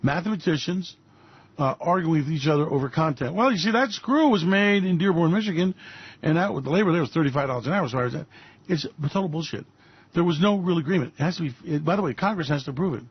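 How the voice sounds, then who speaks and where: A man's voice: high-pitched, husky, dry recording, lo-fi sound. A man hosting a radio show, giving fiery, mocking commentary on politics and finance with repeated punchlines. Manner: ranting, mocking, repetitive punches.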